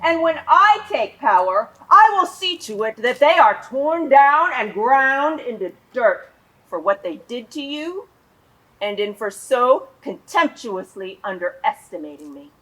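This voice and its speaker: An actress in a stage play playing a cold, scheming, power-hungry mother who speaks in a slow, commanding, controlled way. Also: fairly high pitch, very animated, a bit bright, poor audio. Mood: bitter, menacing. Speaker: stage actor.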